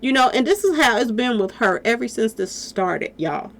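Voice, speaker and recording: A woman's voice: a little high, expressive, normal speed. A woman giving casual spoken commentary to her viewers, talking straight at them with lots of rhetorical questions. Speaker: commentary vlogger.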